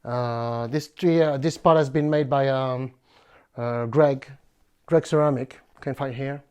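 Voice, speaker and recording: A man from France with a French accent, hosting a bonsai video in a playful, halting way with many fillers. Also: mid-range voice, fairly even intonation, darkish tone, smooth. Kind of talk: casual presentation.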